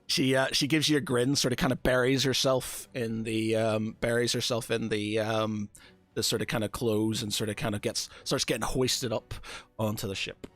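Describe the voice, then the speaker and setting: A man's voice: mid-range voice, little pitch movement, moderate pace, a bit bright, soft background music. A man narrating a tabletop game as game master, hesitant and filling his talk with "sort of kinda".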